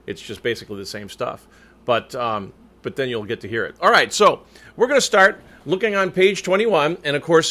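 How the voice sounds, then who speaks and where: A man's voice: mid-range voice, animated, normal speed, bright, forceful tone. A man leading a choir coaching lesson, explaining the text patiently and with careful diction into a microphone indoors. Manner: clear, patient spoken instruction, careful diction. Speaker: choir conductor. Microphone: new microphone.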